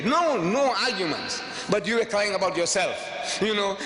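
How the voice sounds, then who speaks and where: A man giving a public lecture to an audience, emphatic and rhetorical, repeating phrases and swinging from quiet asides to sudden high outbursts. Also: big pitch swings, brisk. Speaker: public speaker. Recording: long hall reverb, faint background noise.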